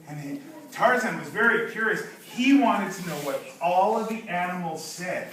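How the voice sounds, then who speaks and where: A woman teaching young children, telling a story and leading them through animal sounds in a slow, exaggerated, playful way. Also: mid-range voice, animated. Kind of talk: storytelling and call-and-response lesson for children. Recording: echoey hall, voice from far off, background noise.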